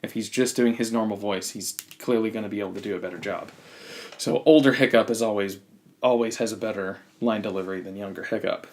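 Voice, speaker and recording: A man's voice: fairly low pitch, fairly even intonation, fast talker. Blunt, opinionated man reviewing a movie. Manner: opinionated, blunt, frequent restarts. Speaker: podcast host. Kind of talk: casual movie review chat.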